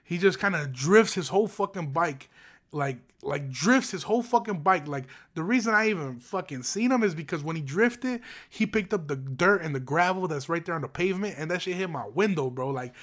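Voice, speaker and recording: Profane, animated young man telling a story. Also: a little high, brisk. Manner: animated, profane street slang, frequent "bro" and "you feel me". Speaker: property manager. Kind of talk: casual storytelling to viewers.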